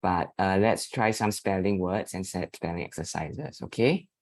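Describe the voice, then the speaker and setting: A man's voice: sits low, normal speed, no echo. A man teaching an online spoken English lesson, patiently drawing out vowel sounds to demonstrate them. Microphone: video call.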